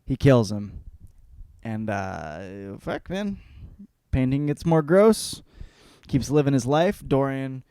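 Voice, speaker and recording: A man's voice: mid-range voice, takes it slowly, pauses often, smooth, dry recording, clean studio sound. A male podcast host giving a profane, rambling comedic book report. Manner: profane, rambling, animated riffing.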